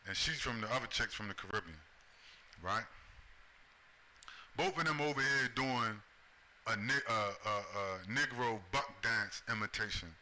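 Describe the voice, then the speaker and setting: Bright-voiced man ranting, profane. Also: mid-range voice, measured pace, pauses often. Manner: profane, repeats "right?" as a tag. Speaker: commentary host. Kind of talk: ranting video commentary.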